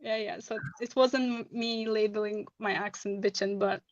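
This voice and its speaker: A woman's voice: mid-range voice, fairly even intonation, moderate pace, muffled recording. A woman with a non-native English accent, chatting as a guest and laughing often. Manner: laughing, talkative. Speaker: guest commentator. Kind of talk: casual chat.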